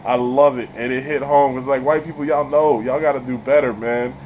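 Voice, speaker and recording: A man's voice: mid-range voice, fairly quick, narrow, tinny audio, a little hiss or hum. A man giving a casual spoiler review of a TV episode, retelling scenes in colloquial slang and laughing often. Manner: animated retelling, laughs often, slips into character voices; colloquial, laid-back slang.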